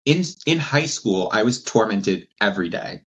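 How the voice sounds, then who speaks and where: A man in his thirties from New Jersey, telling stories casually as a podcast guest, laughing often and acting out quotes in a higher voice. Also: animated, normal speed. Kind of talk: casual storytelling. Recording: dull lo-fi sound.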